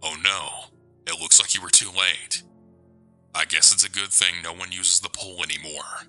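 A man voicing a sinister male stranger who speaks in a slurred, deep voice over a radio, low and quiet. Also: fairly even intonation, moderate pace, faint music behind. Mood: menacing.

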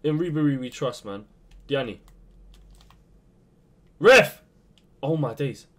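A young man commentating his own football video game match, swinging between low muttering and sudden shouts. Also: normal speed. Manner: excitable, swings from muttering to yelling. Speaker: gaming youtuber. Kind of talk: live gameplay commentary.

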